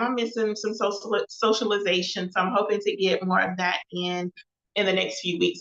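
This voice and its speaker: A bright-voiced woman chats on her own livestream, looping back over phrases and calling her viewers y'all. The sound is echoey and a little dull, like a home room picked up by a basic mic. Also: mid-range voice. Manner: chatty, repeats phrases, addresses viewers as y'all. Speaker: host of a live show and podcast. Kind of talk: casual livestream talk with faith references.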